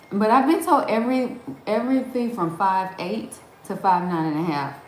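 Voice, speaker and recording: A woman's voice: mid-range voice, a little slow. Woman, Southern American drawl, live stream host, chatty, greets viewers by name, echoey room, faint hum. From Southern United States. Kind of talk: casual live chat with viewers.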